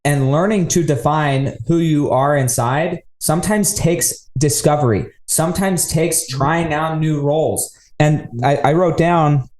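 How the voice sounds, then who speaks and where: A man's voice: on the high side, unhurried, few pauses, darkish tone. A man hosting a podcast in casual interview chat, reflecting on his guest's story and drawing lessons from it. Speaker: podcast host. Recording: roomy echo.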